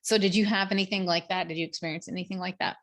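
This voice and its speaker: A woman's voice: fairly low pitch, fairly even intonation, rapid-fire, fairly bright tone. A woman co-host chatting casually, reflective and fond of "like". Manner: reflective, lots of "like" and encouraging "mm-hmm"s. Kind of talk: casual chat.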